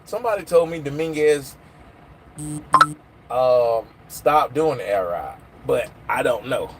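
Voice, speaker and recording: A man's voice: a little high, a little hiss or hum. Chatty man on a phone livestream. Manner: rambling, chatty, answers chat comments. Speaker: livestream host. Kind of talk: casual live chat with viewers.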